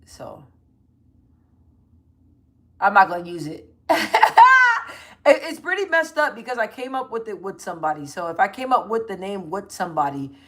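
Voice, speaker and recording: A woman in her thirties chatting loosely to her livestream viewers on her phone, slangy and full of quick asides. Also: medium pitch, animated, a bit bright. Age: 30s. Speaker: livestream host. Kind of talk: casual livestream chat reading comments.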